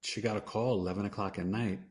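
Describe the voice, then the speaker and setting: A man's voice: on the low side, fairly even intonation, quick pace, a little mellow. A man who is a podcast guest, telling a personal story earnestly and acting out what people said. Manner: earnest, acts out quoted dialogue, trails off and restarts.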